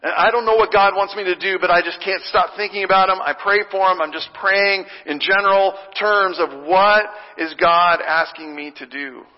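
A man preaches in a large church and tells a story in a lively, conversational way. His voice sits a little high. The sound is muffled and carries a long reverb from the sanctuary. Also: normal speed, hardly any pauses. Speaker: pastor. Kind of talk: sermon.

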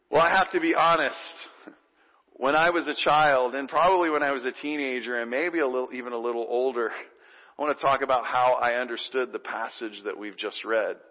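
A pastor preaching a sermon in a church, playful and animated, leading the congregation in call and response. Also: male voice, mid-range voice. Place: church sanctuary. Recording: dull recording with long hall reverb.

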